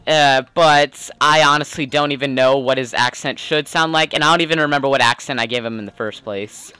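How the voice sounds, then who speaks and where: A man's voice: medium pitch, brisk, hardly any pauses, sharp tone, clear, resonant tone, dry recording. A man giving casual, rambling commentary while playing a video game. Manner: chatty, rambling, lots of "like" and "uh". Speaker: let's player.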